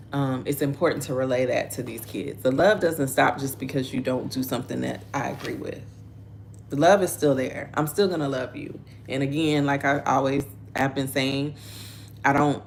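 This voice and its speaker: A woman's voice: extremely low pitch, vocal fry, slight background noise. A middle-aged woman hosting a casual devotional talk, earnest and conversational, reading viewer comments aloud. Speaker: devotional host.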